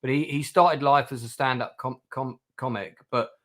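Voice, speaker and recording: A man hosts a casual livestream chat, his voice sitting at an ordinary middle pitch. He rambles along with plenty of fillers and restarts as he talks to his guests. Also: fairly even intonation, normal speed, a bit bright. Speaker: channel host.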